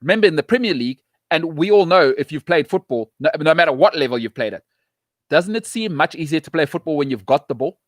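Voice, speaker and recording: A middle-aged man hosts his show with firm, repeated punchlines and a forceful, opinionated manner. His voice sits a little high for a man. The sound is dry and close, with no room around it. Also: expressive, no room sound. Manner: emphatic, punchy repetitions, fast opinions. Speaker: show host. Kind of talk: opinionated football talk show.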